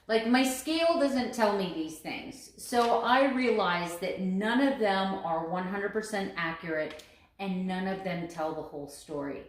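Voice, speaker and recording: A woman's voice: medium pitch, lively intonation, unhurried, reverberant. A woman talking to camera in a casual daily vlog, earnest and emphatic, stressing her points by repeating phrases. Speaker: vlogger.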